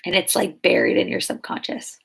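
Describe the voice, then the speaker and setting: A woman's voice: fairly low pitch, expressive, a little fast, creaky, a bit bright, breathy edge. Chatty woman coaching a Q&A. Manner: chatty, many fillers and restarts. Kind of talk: casual Q&A coaching talk.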